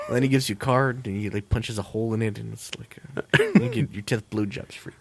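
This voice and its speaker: A man co-hosting a casual podcast chat, rambling and excitable, crude and quick to laugh. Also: fairly low pitch, gravelly, husky, dry recording. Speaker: podcast co-host.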